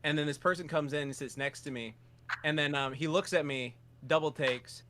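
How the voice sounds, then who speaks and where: A man hosting a podcast, telling stories in an animated, profane, casual way. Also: on the high side, moderate pace, slight background noise. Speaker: podcast host. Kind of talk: casual chat.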